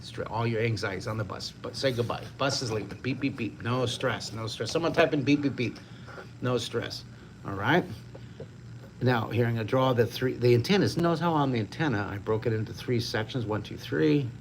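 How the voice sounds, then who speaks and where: Older guy teaching a drawing livestream, gravelly voice, super upbeat and encouraging, bit of hiss behind. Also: mid-range voice, brisk. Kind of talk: live-streamed drawing lesson.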